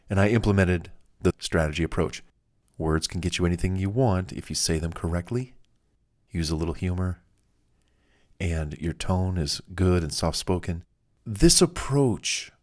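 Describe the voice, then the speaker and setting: A man narrating a self-help audiobook in a casual, anecdotal way, with fillers and the odd chuckle. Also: low voice.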